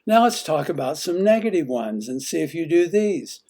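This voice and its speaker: A man's voice: a little high, big pitch swings, moderate pace, a little mellow. A man giving an instructional talk on marriage, putting many direct questions to the listener. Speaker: marriage teacher.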